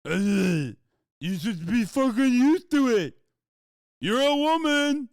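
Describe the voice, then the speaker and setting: A man's voice: very high-pitched, lively intonation, slow, dry recording, clean studio sound, pitched above the performer's own voice, full character voice. A man mocking a sneering callous commenter. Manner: mocking, exaggerated, loud. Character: sneering dismissive male internet commenter, callous.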